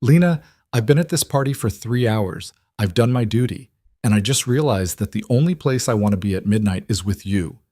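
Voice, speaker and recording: A man voicing a powerful boss who speaks to his secretary in a low, earnest way in a romance audiobook. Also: lively intonation, moderate pace, mellow, no echo, studio quality. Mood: determined.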